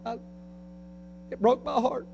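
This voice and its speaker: Man preaching, high voice, loud bursts then hushed, faint hum. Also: fairly even intonation, slow, gravelly. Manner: fiery, swings between shouting and quiet. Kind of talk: sermon.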